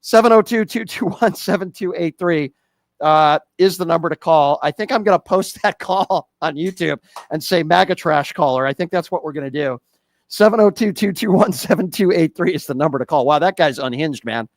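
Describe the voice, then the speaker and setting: A man's voice: a little high, moderate pace, dry recording. A man hosting a call-in radio show, mocking and insulting his callers as he talks over them. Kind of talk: combative call-in radio talk.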